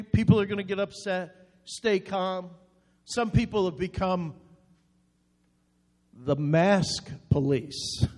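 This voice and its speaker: Brief: male pastor, high voice, earnest sermon delivery with repeated short appeals, long reverb on the voice. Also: a little mellow.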